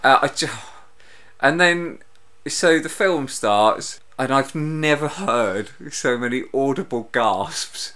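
A man's voice: medium pitch, expressive, slow, pushed and bright. A man in casual comedic chat, a dry grumbler telling a story and mimicking other people.

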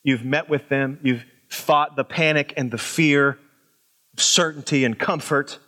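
A middle-aged man preaching a sermon as pastor, swinging from emphatic high lines to low, quiet asides. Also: fairly even intonation, unhurried.

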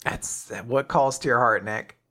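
A young man casually recapping an anime episode as a podcast host, retelling scenes and acting out characters' lines. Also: medium pitch. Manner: animated retelling, acting out lines in quick voices. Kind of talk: casual chat.

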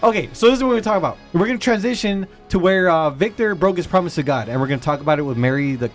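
A man's voice: high-pitched, expressive, rapid-fire, faint music behind. A man co-hosting a casual podcast, telling a story with lots of laughter and mock lecturing. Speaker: podcast co-host.

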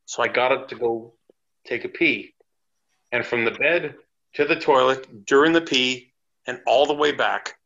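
Gravelly, bright-voiced man telling stories. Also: mid-range voice, unhurried, lo-fi sound. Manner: animated, chatty anecdotes. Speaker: podcast guest, former wrestler. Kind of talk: casual storytelling interview.

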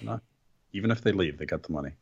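A man's voice: low-pitched, fast talker, creaky, husky, highs cut off. A man co-hosting a wrestling podcast, making dry, cynical quips in casual chat. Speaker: podcast co-host.

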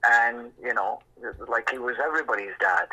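A man in his sixties tells a story from his life, slipping into the voices of the people he quotes. His voice is husky yet hard and bright, with a sharp forceful edge. It has the easy pace of a musician at ease with a crowd. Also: mid-range voice, normal speed, dull audio. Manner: lively raconteur, acts out voices in quotes. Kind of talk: anecdotal storytelling.

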